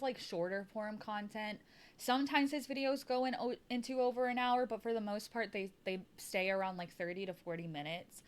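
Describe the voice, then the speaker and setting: A woman streamer chatting casually, swearing freely and laughing often. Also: medium pitch.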